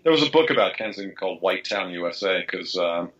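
A man's voice: deep voice, expressive, quick pace, fairly bright tone, breathy edge, dull audio. A man from the Philadelphia area, a guest writer telling blunt, profane stories in a casual podcast interview.

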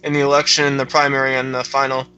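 A man interviewing a guest, asking halting questions full of "like" fillers. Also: medium pitch, monotone, pushed and bright, clean tone. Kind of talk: casual conversational interview. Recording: dull, lo-fi audio.

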